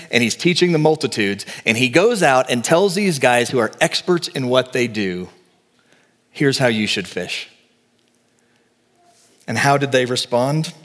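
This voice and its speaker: A man's voice: mid-range voice, fairly bright tone, long reverb tail. A man preaching a sermon, telling a story with animation and acting out the voices he quotes. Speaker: pastor.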